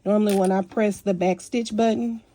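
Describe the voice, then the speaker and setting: A woman's voice: medium pitch, steady tone, moderate pace, very noisy. A woman hosting a casual sewing tutorial at home, chatty and folksy with apologetic asides, a little sniffly, recorded on a phone by her sewing machine. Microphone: phone mounted near sewing machine.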